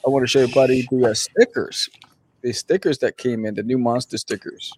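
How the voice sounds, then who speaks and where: A man's voice: medium pitch, brisk, background noise. A man co-hosting a casual chat, laid-back with slang and lots of fillers. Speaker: podcast co-host, comic artist.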